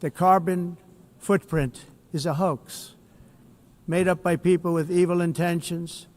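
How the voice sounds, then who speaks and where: A man's voice: sits high, little pitch movement, unhurried, a little mellow. A man giving a formal speech to an assembly as head of state, blunt and boastful, repeating himself with rambling asides from a podium mic in a large hall.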